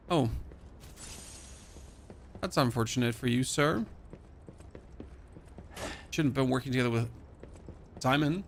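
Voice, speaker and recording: A man's voice: medium pitch, a little slow, long pauses, slight background noise. A young man from Germany with a light German accent, casually commenting while playing a game and reading item notes aloud. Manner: chatty, reads in-game notes aloud, jumpy outbursts. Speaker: streamer. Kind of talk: gaming livestream commentary.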